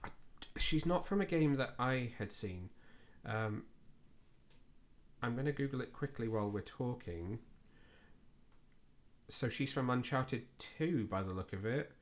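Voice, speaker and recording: A man's voice: medium pitch, lively intonation, unhurried, pauses often. A man co-hosting a podcast, talking casually with lots of fillers and self-deprecating asides. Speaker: podcast co-host. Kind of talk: casual chat.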